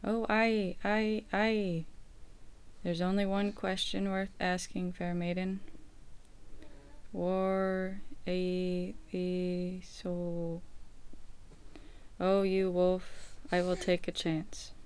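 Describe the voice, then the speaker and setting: A woman's voice: fairly low pitch, completely flat delivery, a little slow, hardly any pauses, darkish tone, clean tone, close to an everyday voice. A woman voicing a trapped male wolf who wails for help and speaks with grave, wise solemnity. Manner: wailing, pleading, then grave and oracular.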